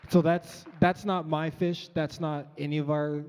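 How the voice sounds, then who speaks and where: The featured storyteller, a young Colorado man, shares a personal story from the stage of a large event hall through a stage mic. His slightly high voice is flat, measured, a little mellow and clean-toned, earnest and conversational with lots of ums, and a faint crowd is audible on the dull, echoey live recording.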